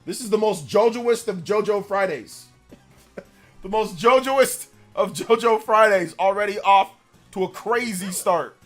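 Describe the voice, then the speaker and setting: A man's voice: sits high, a little slow, soft background music. A man hosting a live stream, chatting in a laid-back, slangy way and laughing often. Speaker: livestream host. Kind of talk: casual live-stream chat.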